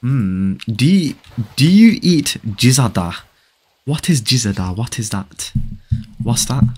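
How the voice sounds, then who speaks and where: A man streaming a game live, chatting casually with viewers, excitable and often repeating phrases as he reads chat aloud. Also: medium pitch, slow pace, husky.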